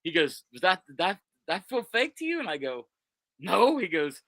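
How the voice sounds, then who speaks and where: A man's voice: fairly high pitch, huge pitch swings, normal speed, a bit bright, dry recording. A man, a podcast guest telling stories in loose, rambling casual chat full of restarts. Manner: rambling storyteller, many restarts. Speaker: guest, sports website owner. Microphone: video call.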